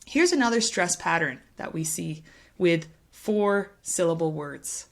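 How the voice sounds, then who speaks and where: A woman teaching English pronunciation to camera, speaking clearly and patiently and tapping out rhythms to demonstrate. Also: fairly low pitch, expressive, unhurried. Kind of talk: explaining a language lesson to camera.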